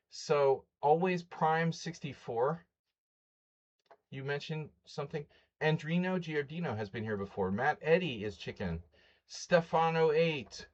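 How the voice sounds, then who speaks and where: Male chess streamer, mid-pitched, chatty and wry, slightly dull home-stream audio. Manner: chatty and wry, rattling off rules and greeting viewers. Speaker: chess streamer hosting a simul. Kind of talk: casual live-stream chat.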